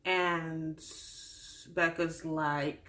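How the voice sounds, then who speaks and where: A woman's voice: low voice, flat delivery, extremely slow, fairly bright tone. A woman hosting a casual recap video, talking through a reality show in a chatty, blunt way with slangy, swearing asides. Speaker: YouTube recap host.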